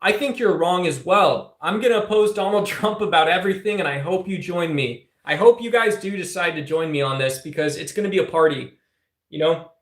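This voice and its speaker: A man's voice: high-pitched, fairly quick, roomy sound. A man hosting a casual political livestream, talking back to chat in a combative, teasing way, full of fillers and restarts. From Southwest United States. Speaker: livestream host answering chat.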